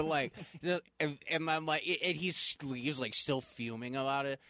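A man hosting a casual chat, relaxed and rambling, with many fillers. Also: a little high, brisk, hardly any pauses, no room sound, clean studio sound.

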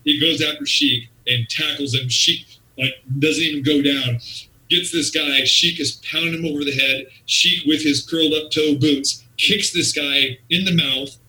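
A man's voice: a little high, unhurried. A man, a wrestling promoter, animatedly telling a story in an interview and acting out the people in it. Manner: animated storyteller who acts out quotes. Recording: roomy sound, distant from the mic.

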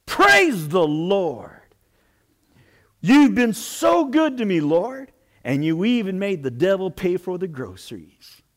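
A man voicing a devout elderly woman who shouts her praise to God at the top of her lungs. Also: high voice, sing-song, measured pace, pitched above the performer's own voice. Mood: exultant.

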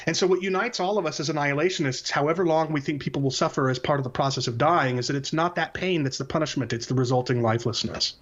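A man with a somewhat high voice reasons aloud through rhetorical questions in a casual discussion. His audio sounds muffled and lo-fi. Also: quick pace, hardly any pauses, a bit bright. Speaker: co-host.

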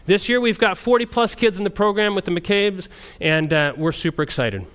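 A man who works as a missionary, telling a story to a group in an animated way and often restarting his sentences. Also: high voice, moderate pace, smooth. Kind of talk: storytelling testimony talk.

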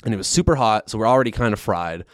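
Low, smooth-voiced man telling a story. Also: racing, no echo. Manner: rambling, animated storyteller full of "like" fillers. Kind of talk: casual storytelling chat.

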